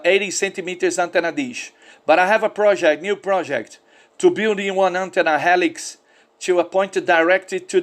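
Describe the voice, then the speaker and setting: A Brazilian ham radio operator speaking English with a Brazilian Portuguese accent. His voice sits a little high for a man. He keeps saying "okay" and "roger" in a friendly, easygoing way. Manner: friendly, repeats "okay" and "roger", spells call signs. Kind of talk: amateur radio contact over satellite.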